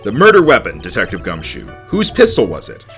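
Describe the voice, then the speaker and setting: A man's voice: lowish voice, wildly swooping pitch, brisk, a bit bright, faint music behind, pitched below the performer's own voice, heavily acted. A man voicing a young male defense attorney pressing a witness in a game. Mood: probing.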